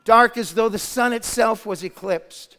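A man preaching a sermon, retelling a story dramatically, dropping to a hush and then rising to shouts. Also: very high voice, measured pace. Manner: dramatic retelling with shifts between hushed and shouted lines. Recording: long hall reverb.

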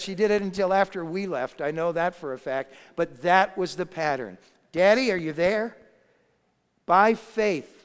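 The pastor's voice is a little high, a bit bright, and smooth as he preaches. His storytelling sermon climbs to emphatic peaks, echoing with long hall reverb.

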